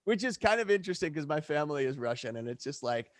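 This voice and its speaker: A film director chatting as a guest, stammering and restarting as he talks. His voice sits a little high for a man. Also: sing-song, quick pace. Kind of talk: casual interview chat.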